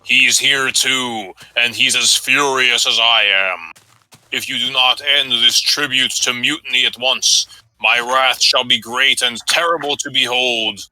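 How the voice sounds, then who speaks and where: A man voicing a wrathful male God, speaking slowly and commandingly over a voice chat call. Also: medium pitch, steady tone, bright, forceful tone, poor audio. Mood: threatening. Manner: slow, drawn-out, commanding.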